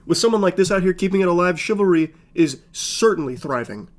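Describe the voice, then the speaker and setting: A man giving sarcastic commentary on messages he reads out, with a deadpan, mocking delivery. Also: sits high, fairly quick.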